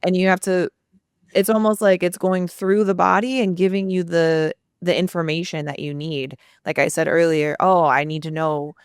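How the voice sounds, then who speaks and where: A woman coach calmly guiding a tapping exercise with encouraging instructions. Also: lowish voice, normal speed, clear, resonant tone, no room sound, studio quality. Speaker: subconscious transformation coach.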